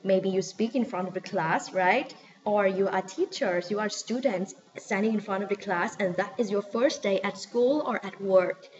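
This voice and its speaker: A woman's voice: mid-range voice, darkish tone, muffled recording. A woman from Thailand with a Thai accent, teaching a spoken English lesson and often checking in with her listeners. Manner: coaching, often checking in with "okay?" and repeating phrases slowly.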